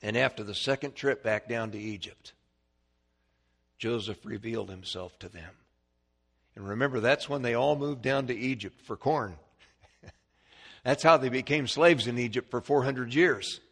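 A man preaching a sermon, emphatic, swinging from quiet passages to shouted ones. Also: medium pitch, unhurried, long pauses.

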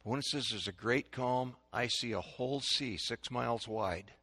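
A man preaching a sermon to a congregation, swinging between loud proclaiming and hushed, dramatic quiet. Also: mid-range voice, moderate pace, few pauses.

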